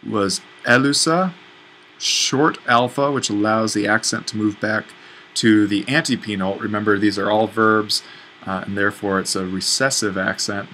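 A man's voice: fairly low pitch, bright, forceful tone, a little hiss or hum, rough recording. A man teaching a language lesson at a whiteboard, explaining patiently and correcting himself as he writes. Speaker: Greek instructor.

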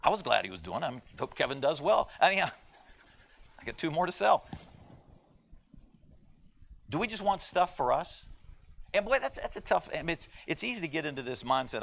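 An American Sunday school teacher leads a conversational Bible lesson in a church class, folksy and joking, putting on playful voices for the people he quotes. His slightly high, slightly bright voice is sing-song and a little fast, with vocal fry and frequent pauses.

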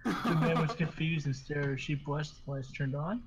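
A man's voice: on the high side, unhurried, a loud crowd, rough recording. A man hosting a podcast, reading silly stories aloud to friends and often breaking into laughter as he stumbles through them. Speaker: podcast host.

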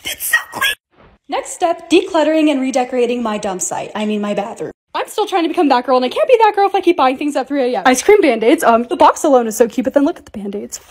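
A woman's voice: high-pitched, lively intonation, fast talker, hardly any pauses, a little mellow. A young woman narrating a vlog in voice-over, bubbly and gushing over cute things. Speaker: content creator.

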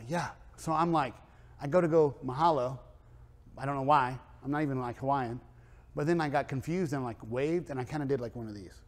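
A man's voice: medium pitch, big-room sound. A man who owns a car wrap and tint shop, telling a story in a casual vlog, rambling and full of fillers. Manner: rambling, filler-heavy chatty delivery.

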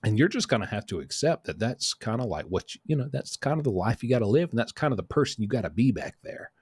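A man's voice: medium pitch, very animated, fast, darkish tone, husky, dry recording. A man giving casual, blunt commentary in a streetwise way, with many fillers and restarts. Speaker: commentator on prison news.

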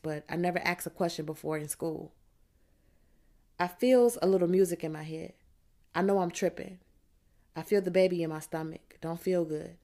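A woman reading a first-person audiobook, narrating in a steady street-dialect teen voice. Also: on the low side.

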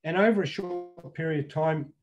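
A man's voice: on the high side, moderate pace, muffled recording, faint music behind. An older businessman speaking casually in a webinar, rambling and repeating himself with lots of fillers. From Australia.

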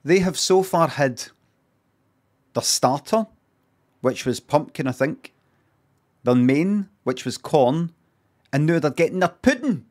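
A man's voice: on the high side, lively intonation, takes it slowly, long pauses, darkish tone. A man, chatting casually and swearing while streaming reaction commentary. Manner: chatty, swearing, rambling asides.

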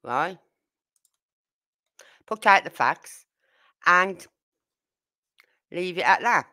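A Brummie woman from Birmingham, England, hosts a true crime livestream, speaking bluntly and indignantly right to her viewers in casual chat. Her voice is lowish, pushed and bright, with lively intonation, and she talks extremely slowly.

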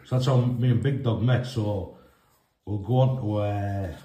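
A man's voice: lowish voice, fairly even intonation, a little slow, dark tone, reverberant, slight background noise. A man in casual chat, hesitant and prompting his friend to tell stories. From England. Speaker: co-host.

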